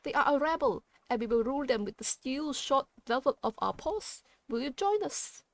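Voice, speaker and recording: A woman's voice: high voice, very animated, moderate pace, dry recording, pitched above the performer's own voice. A woman voicing a regal female guinea pig seneschal, speaking in a lofty, theatrical way with a put-on fancy accent. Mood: haughty. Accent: put-on weird fancy accent.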